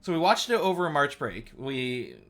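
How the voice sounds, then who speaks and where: A man in his thirties hosting a casual live stream, rambling excitedly with lots of fillers. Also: fairly high pitch, moderate pace. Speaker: livestream host. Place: at home.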